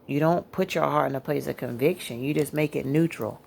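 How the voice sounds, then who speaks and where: Very deep, gravelly woman giving testimony. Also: a little mellow, a little hiss or hum. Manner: rambling, halting, with many fillers. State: tired, yawning. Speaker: Christian testimony speaker. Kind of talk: personal testimony.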